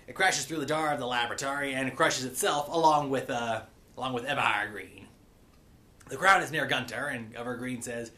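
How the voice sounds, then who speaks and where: Bright-voiced male reviewer, casual and rambling, playful pirate persona. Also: medium pitch. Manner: rambling, with many fillers and a playful pirate growl. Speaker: cartoon episode reviewer. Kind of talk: casual episode recap.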